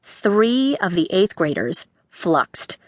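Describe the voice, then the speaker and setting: A woman narrating a children's audiobook with expressive storytelling. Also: medium pitch, slow pace, dry recording.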